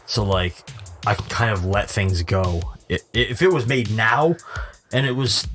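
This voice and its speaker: Casting note: deep-voiced easygoing man in his thirties, podcast co-host, faint music underneath. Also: expressive, unhurried, a bit bright. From Rhode Island. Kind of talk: casual chat.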